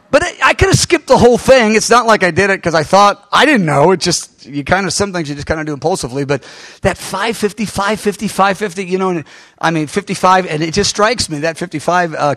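A male pastor telling a story in a sermon, animated and acting out the voices of the people in it. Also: high-pitched, no echo.

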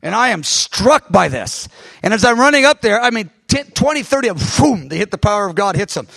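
High-voiced man preaching a dream story. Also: a little fast, vocal fry, dry recording. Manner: animated retelling with many restarts and sound words. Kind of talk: sermon storytelling.

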